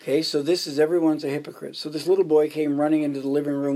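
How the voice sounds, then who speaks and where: Talking fast with few pauses, a pastor works jokey stories into his sermon and numbers off each point in sequence. His fairly high voice has a level, dark tone with vocal fry.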